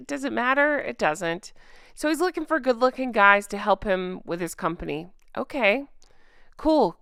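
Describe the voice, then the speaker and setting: Woman ranting thru a tv recap, super animated pitch, sarcastic and fed up, clean dry sound. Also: smooth, no echo. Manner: exasperated, sarcastic, trails off mid-sentence. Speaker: show recap host.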